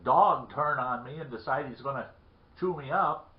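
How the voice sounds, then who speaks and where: A man voicing a tipsy old backwoods man who is shaken but boastful, in a drawling, excited way. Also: mid-range voice, normal speed, natural voice. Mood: rattled. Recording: roomy lo-fi recording.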